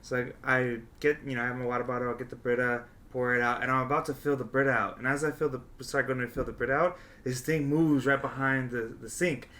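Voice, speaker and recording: A young man hosting a podcast, telling stories in casual chat, animated and swearing freely, sometimes shouting as he acts out scenes. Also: medium pitch, quick pace, few pauses. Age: young adult. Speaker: podcast host. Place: podcast studio.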